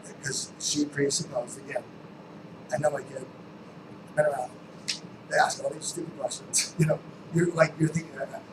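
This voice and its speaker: A man with a somewhat high voice leads a training session, telling stories and acting out the characters with emphatic, sometimes shouted lines. The mic sits well back from him, so the room echoes around his words. A steady air conditioning hum runs underneath. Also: moderate pace, long pauses, far from the mic. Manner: storytelling, acts out quotes with shifting voices; emphatic, rising to near-shouts. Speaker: real estate sales trainer. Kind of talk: live training talk.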